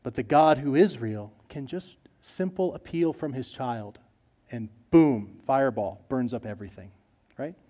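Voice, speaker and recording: A man preaching a sermon, earnest, swinging between loud emphasis and soft low asides. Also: animated, a little slow. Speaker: pastor.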